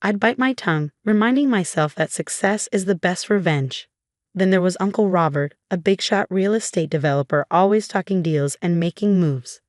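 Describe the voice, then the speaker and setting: A young adult woman narrating a scripted first-person story in an even, conversational way. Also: lowish voice, normal speed, no echo, clean studio sound.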